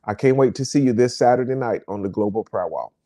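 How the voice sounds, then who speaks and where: A pastor preaching on a livestream, leading viewers in repeated declarations and calling out to them by name. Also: male voice, medium pitch, fast, dark tone. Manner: addresses viewers by name, speaks to the camera. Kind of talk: livestream sermon and prayer call.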